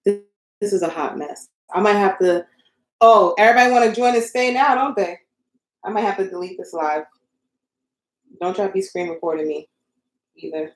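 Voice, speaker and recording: A young woman hosts a casual live stream from her home craft room, speaking at normal speed with a medium-pitched voice and long pauses. Flustered, she crafts, talks to viewers, and jokes at her own expense. The room has an echo to it.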